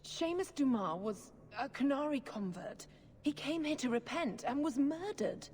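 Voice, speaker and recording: Zealous scheming priestess, lively swooping delivery, slightly high, long hall reverb with faint hiss. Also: female voice, unhurried. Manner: fervent, accusing, sermon-like. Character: fanatical middle-aged woman priest, zealous schemer. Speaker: priestess character. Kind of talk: video game voice acting.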